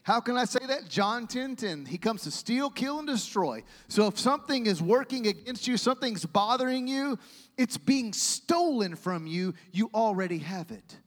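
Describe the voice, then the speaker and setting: A male pastor preaching a sermon with animated storytelling and asides to the congregation. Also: sits high, normal speed. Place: church sanctuary. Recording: long church hall reverb.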